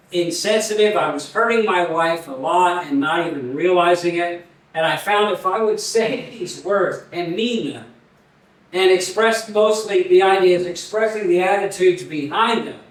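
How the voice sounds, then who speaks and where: An older man preaching a sermon in an earnest, halting way, often restarting his words. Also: sits high. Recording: very echoey, voice from far off the mic.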